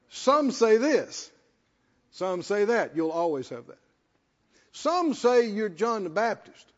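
A man preaching a sermon in an emphatic, folksy way, repeating himself for effect. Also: high voice. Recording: lo-fi with long hall reverb.

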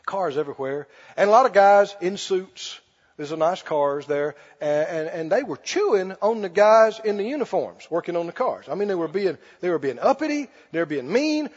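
A man's voice: high voice, expressive, normal speed, lo-fi sound. A man preaching a sermon as pastor, telling a story, then leading a fervent prayer and praise.

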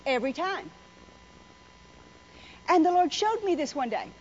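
A woman's voice: high voice, big pitch swings, unhurried. A woman preacher delivering a folksy, joking sermon full of stories. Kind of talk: sermon with storytelling. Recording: slightly muffled with faint noise.

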